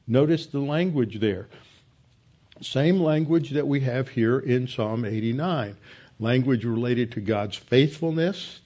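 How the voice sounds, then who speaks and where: A man preaching a verse-by-verse teaching sermon, explaining Hebrew words in a measured way with frequent restarts. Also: medium pitch, a little mellow. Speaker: pastor. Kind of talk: expository sermon.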